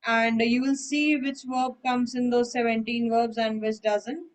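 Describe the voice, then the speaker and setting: A woman teaches a French lesson online, talking at an unhurried pace in a voice pitched a little high. She explains step by step and keeps checking that her student has followed. Her tone is patient and steady. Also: low-quality recording. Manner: patient, repeats and checks understanding. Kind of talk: online one-on-one language lesson.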